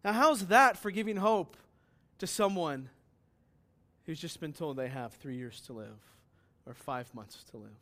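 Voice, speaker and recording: Man, pastor, high-pitched voice, emphatic sermon, rhetorical questions, loud-to-quiet swings. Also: a little slow.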